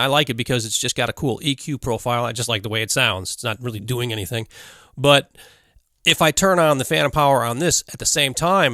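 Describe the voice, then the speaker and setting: A man's voice: mid-range voice, pushed and bright, no room sound. A man teaching live sound basics in a casual hands-on tutorial, talking loosely with fillers and small laughs, on a studio condenser mic in a home studio. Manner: loose, conversational, full of fillers and little laughs. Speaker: audio engineering instructor. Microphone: studio condenser mic through a mixer.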